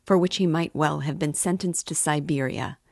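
A woman's voice: deep voice, normal speed, darkish tone, no echo, clean studio sound. A woman reading the part of a pompous middle-aged man who speaks in a formal, self-important way. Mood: measured.

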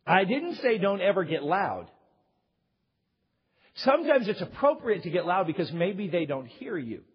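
A man preaching a sermon to a congregation as a pastor, telling family stories in an animated way. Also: high-pitched, moderate pace, slight background noise. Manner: animated storyteller, acts out yelling quotes. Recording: dull sound with long hall reverb.

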